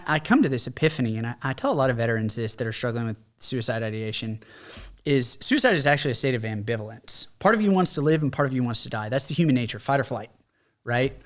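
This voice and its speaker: A middle-aged man, a combat veteran and podcast guest, telling his story in a candid, conversational way and acting out what others said. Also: mid-range voice. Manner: candid, conversational, mimics others in quoted lines. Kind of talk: casual storytelling.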